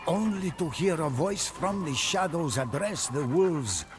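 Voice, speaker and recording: A man giving scripted, measured story narration for a game cutscene. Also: a little high, expressive.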